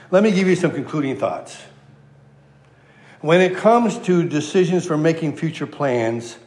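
A man's voice: medium pitch, reverberant. A man preaching a sermon in a folksy way, repeating phrases for emphasis and letting the ends of his phrases trail off. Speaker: pastor. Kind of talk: sermon with a joke.

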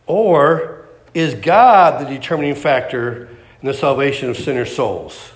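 A man's voice: medium pitch, animated, a little slow. A man preaching a sermon, emphatic and repetitive, firing off rhetorical questions.

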